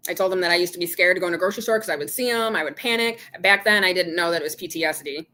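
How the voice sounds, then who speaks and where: A woman's voice: on the low side, rapid-fire, bright, forceful tone. A middle-aged woman hosting a casual live chat, candidly retelling an argument and quoting both sides of it. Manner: candid storytelling, retelling an argument with quoted dialogue. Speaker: channel host.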